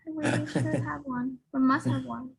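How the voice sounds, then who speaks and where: A woman's voice: sits high, fairly even intonation, unhurried, creaky, poor audio. A woman student answering a speaking test question with careful, formal phrasing.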